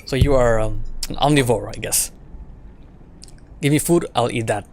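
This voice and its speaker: A man streams a game and chats with his viewers. His voice sits at an ordinary middle pitch. He rambles, repeats phrases and fills the gaps with filler words. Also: moderate pace, a little mellow, slight background noise. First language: French. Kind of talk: casual stream chat with viewers.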